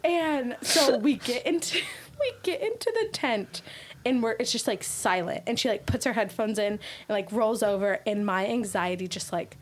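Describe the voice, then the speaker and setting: Animated young woman telling a story. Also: a little high, moderate pace. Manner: animated storytelling, acts out quotes, many "like" fillers. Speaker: podcast co-host. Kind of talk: casual chat, storytelling.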